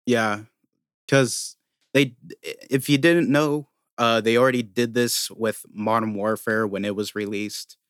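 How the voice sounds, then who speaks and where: A man's voice: on the low side, fairly even intonation, a little slow, a bit bright, dry recording, clean studio sound. A man co-hosting a casual gaming podcast, explaining things at length with lots of fillers. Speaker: podcast co-host.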